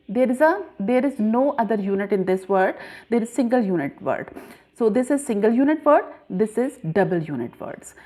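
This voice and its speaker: Slow, deliberate woman teaching grammar. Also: fairly high pitch, darkish tone. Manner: slow, deliberate, repeats points with many "uh" pauses. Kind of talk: classroom lesson explaining syllables.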